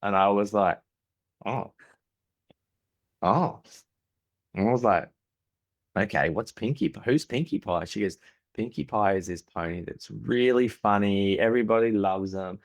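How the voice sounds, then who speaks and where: A man's voice: fairly low pitch, unhurried, pauses often. A man in his forties with an Australian accent, a podcast guest telling candid stories, often restarting sentences and acting out family dialogue. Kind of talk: candid conversational storytelling.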